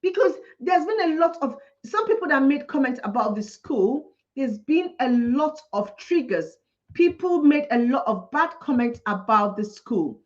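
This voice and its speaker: A woman's voice: high voice, sing-song, measured pace. A woman, a teacher giving indignant, impassioned commentary, ranting and repeating her points for emphasis. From Nigeria. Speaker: teacher and vlogger. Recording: dull lo-fi recording.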